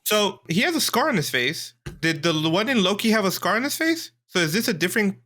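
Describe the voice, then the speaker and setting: Podcast co-host, male, higher and bright in tone; playful, quick questions, easily excited. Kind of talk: casual chat, reacting to a trailer.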